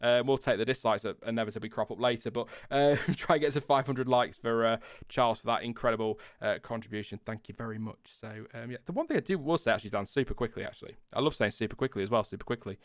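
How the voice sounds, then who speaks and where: A man's voice: mid-range voice, fast talker, few pauses, clean tone, no room sound, clean studio sound. A young man hosting a casual live-stream chat, reading out viewer comments with chatty asides and laughs. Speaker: podcast co-host.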